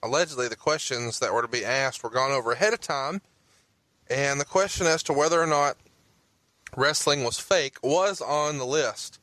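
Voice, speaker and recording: A man's voice: medium pitch, normal speed, pushed and bright, dry recording. A man co-hosting a podcast in a casual chat, pressing his guest with joking, pushy questions. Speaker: podcast co-host.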